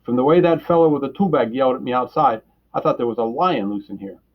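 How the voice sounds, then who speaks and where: A man's voice: fast, dull audio, natural voice. A man doing a puzzled, easygoing policeman. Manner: louder, higher than the narration.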